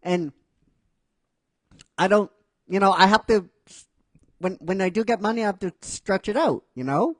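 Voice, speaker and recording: A man voicing a brash, excitable young male ninja who rambles through flustered excuses. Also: sits high, normal speed, long pauses, dry recording, studio quality, pitched above the performer's own voice.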